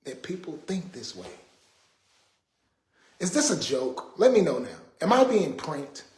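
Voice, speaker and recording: A man's voice: a little high, big pitch swings, unhurried, darkish tone. A man hosting a casual livestream, talking in an exasperated, preachy way to his viewers. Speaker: livestream host. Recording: roomy echo.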